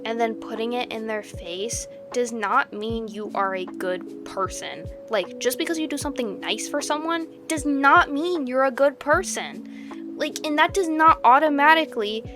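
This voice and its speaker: A young woman with a slightly high voice rambles through her reactions, dropping into low mutters and then breaking into loud, exasperated outbursts. Clear guitar music plays under her voice the whole time. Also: lively intonation, normal speed. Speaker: video creator reacting to posts. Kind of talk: casual reaction commentary.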